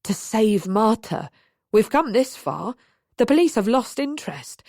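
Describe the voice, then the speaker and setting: A woman's voice: on the high side, sing-song, unhurried, a little mellow, dry recording, clean studio sound. A woman doing a coaxing, confident young man.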